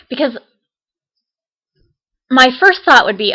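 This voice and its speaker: A woman's voice: mid-range voice, expressive, unhurried, dull audio. A woman ranting to her viewers in a casual vlog, chatty and indignant, with many fillers and restarts. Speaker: vlogger.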